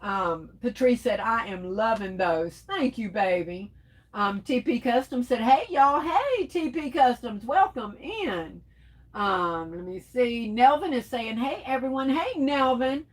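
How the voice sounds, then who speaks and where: A woman's voice: on the high side, animated, measured pace, poor audio. A middle-aged woman hosting a casual livestream, reading viewer comments aloud and chatting back with them in a teasing way. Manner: chatty and teasing, addresses viewers as y'all, laughs often. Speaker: livestream host.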